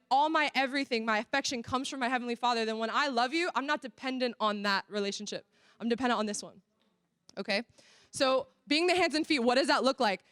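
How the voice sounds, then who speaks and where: Animated American woman with a high voice. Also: dry recording, clean studio sound. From Florida, USA. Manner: animated storytelling, acting out dialogue. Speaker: church workshop speaker. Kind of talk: casual sermon-style talk.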